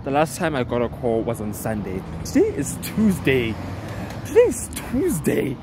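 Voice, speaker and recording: A young man from South Africa, a student, telling a story to his vlog in a lively, animated way and acting out the other people in it. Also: mid-range voice. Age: young adult. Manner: animated, acting out dialogue in quick bursts. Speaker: vlogger. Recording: outdoor street noise.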